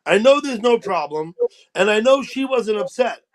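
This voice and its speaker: A man hosting a livestream, calmly and firmly repeating his point to an upset viewer. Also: high-pitched, moderate pace. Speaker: livestream host. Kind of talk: calm mediation.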